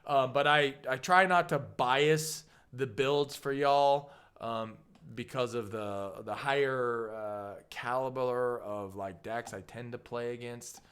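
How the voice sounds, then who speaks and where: A man hosting a casual card game deck walkthrough, playful and rambling, with goofy asides and sudden jumps in pitch. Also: slow pace, few pauses, a bit bright, smooth. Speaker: deck tech host.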